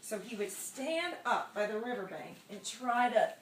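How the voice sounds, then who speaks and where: A woman storyteller telling a folk tale to young children, expressive and involving her listeners. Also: a little high, unhurried, slight background noise. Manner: lively, expressive, involves the audience. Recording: roomy, distant mic.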